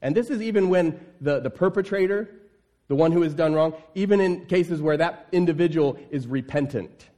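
A pastor delivers a sermon with scripture reading, earnest and emphatic, repeating key phrases. His voice is a little high and dark in tone, at a moderate pace.

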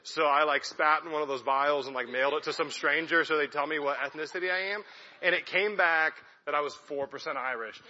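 A man's voice: a little high, brisk, pushed and bright. A young man, a missionary, giving a chatty, self-deprecating talk to a church congregation. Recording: echoey hall, dull lo-fi sound.

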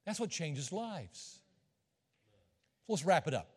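A high-pitched middle-aged man preaching in a church sanctuary, his voice trailing off into a long hall reverb. He keeps things folksy and conversational, teasing the congregation between points. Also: very animated, takes it slowly, darkish tone, husky. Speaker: visiting missionary preacher. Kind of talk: sermon.

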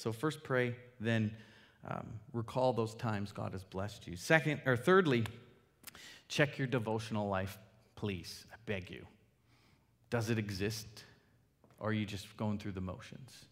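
A man preaching a sermon as pastor, earnest and pleading, dropping to hushed appeals and rising to emphatic points. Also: medium pitch. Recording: hall reverb.

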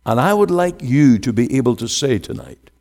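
A male preacher delivering a sermon, swinging from emphatic rising questions to hushed pleading and quoting scripture in old wording. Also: medium pitch, lively intonation, normal speed. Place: church. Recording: long hall reverb.

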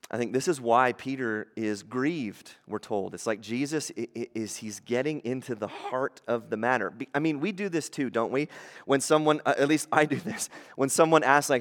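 A man's voice: medium pitch, normal speed. Conversational male preacher in a reverberant hall. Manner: conversational, swings from hushed to emphatic. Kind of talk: sermon.

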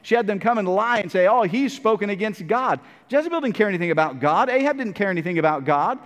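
High-voiced preacher in a reverberant church. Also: male voice, sing-song, racing, fairly bright tone. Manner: storytelling, conversational, repeats words. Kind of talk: sermon.

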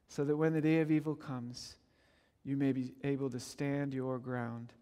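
A man's voice: medium pitch, flat delivery, normal speed, mellow, clear, resonant tone, big-room sound. A man preaching a sermon as pastor, with an emphatic, repetitive cadence.

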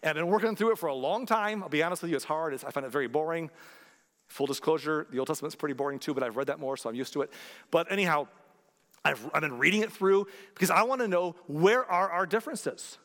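A man's voice: fairly high pitch, animated, fast talker, fairly bright tone. Earnest preaching man in a reverberant hall. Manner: earnest, conversational preaching with emphatic rises. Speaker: pastor. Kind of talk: sermon.

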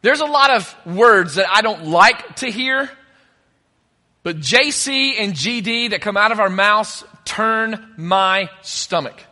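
High bright-voiced male pastor preaching. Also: lively intonation, slow, in a large hall. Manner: conversational, with joking asides. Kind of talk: sermon.

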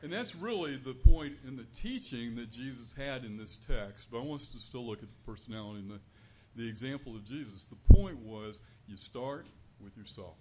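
A man giving an earnest, conversational sermon as a preacher in a church, building to louder emphasis on key points. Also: medium pitch, moderate pace. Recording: dull lo-fi recording with faint room noise.

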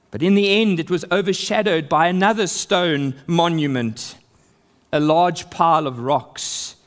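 A man preaching an expository sermon, reading scripture aloud and building emphasis. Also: a little high.

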